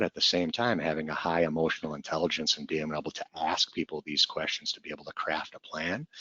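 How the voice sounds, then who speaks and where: A man's voice: extremely low pitch, pushed and bright, breathy edge, no echo, lo-fi sound. A middle-aged man coaching fellow financial advisors in an earnest, reflective way, often asking rhetorical questions.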